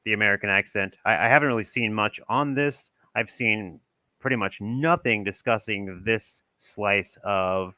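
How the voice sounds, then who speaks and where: A man's voice: on the low side, moderate pace, pushed and bright, no room sound. A young man from Maryland, talking casually and rambling through an old text with many restarts and chuckles, as a channel host.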